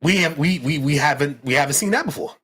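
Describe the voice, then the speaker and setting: A man's voice: a little high, quick pace, a bit bright, husky. A man co-hosting a casual livestream chat, laid-back and slangy, often repeating words as he restarts. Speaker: yarn company co-host.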